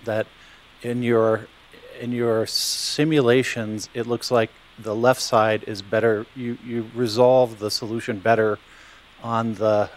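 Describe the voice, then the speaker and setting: Man, moderator, explains a question carefully, mid pitch. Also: level tone, slow. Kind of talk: audience question at a talk.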